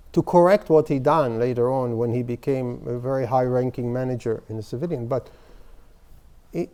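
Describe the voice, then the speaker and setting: A man giving an informal workshop lecture on therapy, in halting, full of "you know" and restarts. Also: on the high side, dark tone, clear, resonant tone. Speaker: psychotherapy lecturer. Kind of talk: workshop lecture with case stories.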